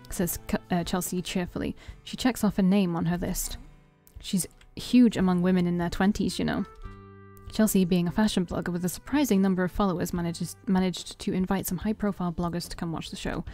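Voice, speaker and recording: Voicing all the parts of a dating-sim game herself, this woman streamer reads the visual novel's text aloud and breaks off now and then to joke. Her voice is on the low side and warm, brisk, with fairly even intonation, over faint game music.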